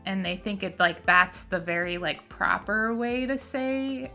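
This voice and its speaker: A woman's voice: mid-range voice, a little slow, creaky, pushed and bright, soft background music. A young woman with a Minnesota accent, co-hosting a casual chat, talking in a chatty way, laughing often and full of "like" fillers. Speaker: co-host.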